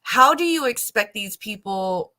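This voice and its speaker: A woman's voice: medium pitch, expressive, measured pace, pushed and bright. A woman giving casual reaction commentary on videos, rambling with lots of fillers and casual swearing.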